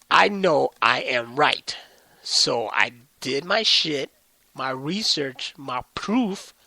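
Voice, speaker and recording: Gravelly, bright-voiced young man ranting. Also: a little high, dry recording. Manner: profane, animated storytelling. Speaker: podcast host. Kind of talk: casual solo rant.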